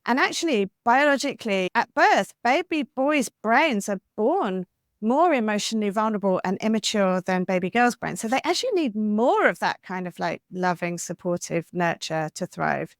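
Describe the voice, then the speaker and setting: Woman author on a podcast, animated, talkative, dry close sound. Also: medium pitch, normal speed, dry recording. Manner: animated, talkative, with lots of "like" and "you know". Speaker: author guest. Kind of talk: podcast interview.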